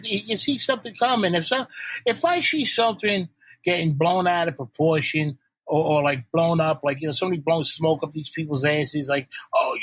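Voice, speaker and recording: Older New York man, husky and high, animated ball-buster, dry close sound. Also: no echo, poor audio. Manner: animated, ball-busting, swears freely. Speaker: guest, punk band frontman. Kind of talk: casual podcast chat.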